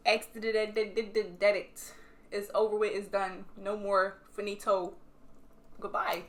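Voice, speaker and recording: Speaking at a moderate pace in a mid-range voice, she's a young woman from Bermuda having a casual chat over wine. She answers her viewers' questions with blunt, expletive-laden, animated stories, her accent now and then moving into British.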